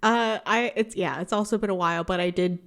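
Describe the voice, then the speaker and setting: A woman's voice: mid-range voice, fairly quick. Woman cohost, giggly and kinda unsure, lots of likes and ums, regular mid voice. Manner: giggly, hesitant, lots of fillers. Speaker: podcast co-host. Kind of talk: casual podcast chat.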